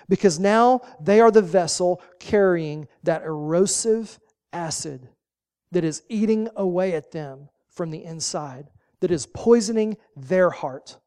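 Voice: mid-range voice, warm tone. A pastor preaching a sermon, folksy and emphatic, driving points home with short repeated commands.

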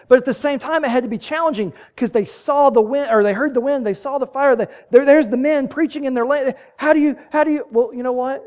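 A man's voice: high-pitched, darkish tone. A man preaching a sermon, telling the story vividly and building to emphatic peaks.

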